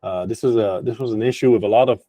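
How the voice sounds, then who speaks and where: A man hosts a business interview in a mellow voice. He agrees easily and pieces his questions together out loud with fillers. The recording is dry and close. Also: on the low side, fast, no room sound. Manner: agreeable, thinks aloud with fillers. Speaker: interview host, sales trainer. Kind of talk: conversational interview.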